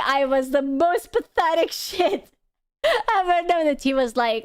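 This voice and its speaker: A young woman, a non-native English speaker, streaming as a VTuber and telling a story in casual chat, animated, stammering through restarts and swearing freely. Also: high-pitched, unhurried, no room sound, studio quality. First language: not English. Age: young adult.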